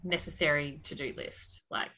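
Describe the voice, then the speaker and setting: A woman's voice: deep voice, normal speed, sharp tone, rough recording. A woman co-hosting a casual podcast, chatty, trailing off and swearing casually. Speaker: podcast co-host. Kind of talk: casual chat.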